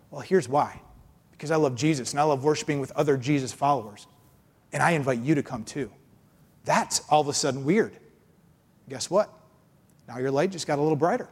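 A man preaching a sermon as pastor, animated, acting out complainers in mocking voices. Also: fairly high pitch, fairly quick, pauses often, husky, big-room sound. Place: church.

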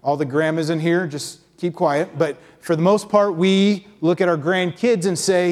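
A man preaching a conversational sermon, acting out quick impressions of how people picture God. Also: steady tone, a little mellow. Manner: conversational, acts out quick impressions with pitch jumps.

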